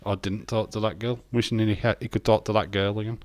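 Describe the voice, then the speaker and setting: A man's voice: fairly low pitch, fairly even intonation, fast talker, darkish tone, no room sound. A man casually commentating a wrestling watch-along, rambling, joking and reading out chat messages. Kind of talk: casual live-stream commentary.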